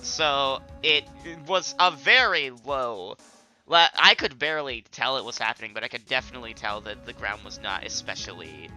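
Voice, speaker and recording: A man's voice: medium pitch, animated, moderate pace, sharp tone, faint music behind. Joking young man playing a game. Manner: joking, chuckles at his own asides. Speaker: Let's Play host. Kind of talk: casual gameplay commentary.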